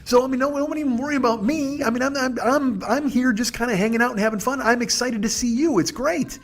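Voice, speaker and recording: A man's voice: very high-pitched, quick pace. A man hosting a podcast, telling a rambling, profane comic story with lots of stammering restarts. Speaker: podcast host.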